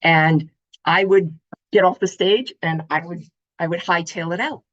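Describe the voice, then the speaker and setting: Expressive woman giving a motivational talk. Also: fairly low pitch, a little slow, lo-fi sound. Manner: expressive, animated storytelling. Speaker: motivational speaker. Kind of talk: summit talk to an online audience.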